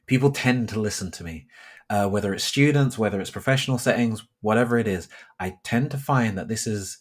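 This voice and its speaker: A young man from London, a geography teacher talking as a podcast guest, speaking deliberately with careful pronunciation. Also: fairly low pitch. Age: young adult. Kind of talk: casual conversational interview.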